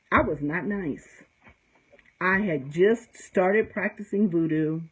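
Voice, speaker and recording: A middle-aged American woman, a conjure practitioner, speaks in a fairly low, slightly rough voice captured on a rough recording. In a casual teaching talk she gives blunt, profane, straight-talking advice, telling stories emphatically and checking in with "okay?" again and again.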